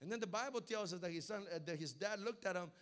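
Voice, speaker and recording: Man, pastor, high-pitched, preaching in a lively storytelling way. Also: fast talker. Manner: storytelling, building to loud emphatic preaching. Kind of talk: sermon.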